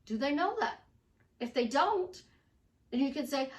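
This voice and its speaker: A woman's voice: sits high, expressive, unhurried, pauses often, recorded from a distance. A woman life coach giving a chatty, emphatic motivational talk to camera at home, acting out what her clients say.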